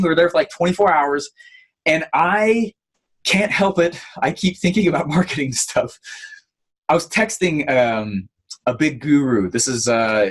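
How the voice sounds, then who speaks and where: A man giving an online marketing training, telling stories in an animated way with lots of fillers. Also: medium pitch. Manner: animated storytelling with many fillers.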